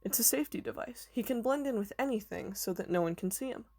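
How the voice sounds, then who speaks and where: A woman's voice: a little high, animated, fast talker. Kindly old professor, as a woman reads him aloud. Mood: warm, explaining. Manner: gentle, explaining patiently.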